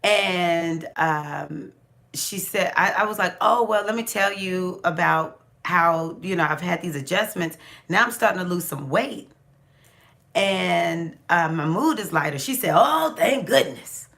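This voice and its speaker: A woman tells a personal story to her viewers in a loose, chatty way, full of restarts and fillers. Her voice sits fairly low but sounds bright and forceful. She acts out what others said with sudden jumps in pitch. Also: measured pace, creaky. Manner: animated, laughing, acts out quotes with big pitch jumps. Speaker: astrology vlogger. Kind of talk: casual storytelling monologue.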